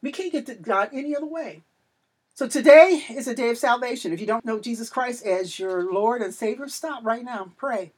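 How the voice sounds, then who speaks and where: High-voiced fervent woman preacher. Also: normal speed, breathy edge. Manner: fervent, declaiming, rising to shouts then dropping to a hush for prayer. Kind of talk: impassioned sermon.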